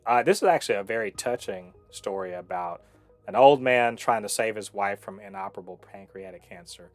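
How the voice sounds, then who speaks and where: A man co-hosting a review podcast in casual chat, animated and profane, with lots of fillers and restarts. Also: lowish voice. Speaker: podcast co-host reviewing shows.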